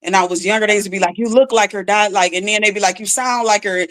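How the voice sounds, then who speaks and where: She's a rapper guesting on a podcast, talking fast at medium pitch as she casually recounts a story. Quotes get acted out with animation, and "like" comes up frequently.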